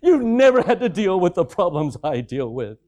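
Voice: mid-range voice, sing-song, moderate pace, warm tone, close to an everyday voice. A preacher voicing a discouraged teenager who whines and sighs dramatically in a sermon example. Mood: sulky.

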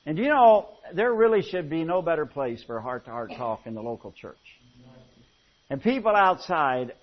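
A man from the United States preaching a sermon, folksy and animated, telling jokes between scripture. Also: fairly high pitch, normal speed. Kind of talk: sermon with humorous anecdotes. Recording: muffled lo-fi sound.

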